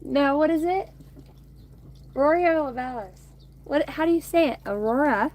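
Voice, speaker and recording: A woman's voice: sits high, lively intonation, fairly quick, darkish tone. A woman in her thirties hosting a casual card-reading chat on a phone outdoors, rambling, swearing and laughing between remarks. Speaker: oracle card reader streaming to viewers. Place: outdoors by a bonfire at home.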